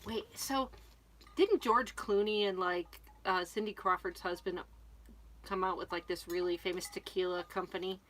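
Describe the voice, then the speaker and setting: A middle-aged woman from Connecticut co-hosting a live RV chat, chatty and quick to laugh. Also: fairly low pitch, fairly even intonation, a bit bright. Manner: chatty, laughs often, reads comments aloud. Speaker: co-host reading viewer comments.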